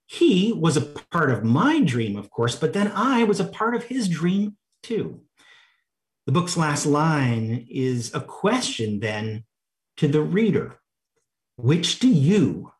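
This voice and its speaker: Slow, expressive male preacher. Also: mid-range voice. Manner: halting, reflective, with fillers. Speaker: pastor. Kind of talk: sermon.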